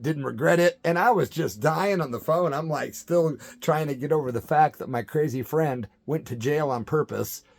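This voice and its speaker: A middle-aged man hosting his channel, telling a story in an animated, hyper way and acting out the quotes. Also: a little high. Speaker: channel host. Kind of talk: storytelling monologue.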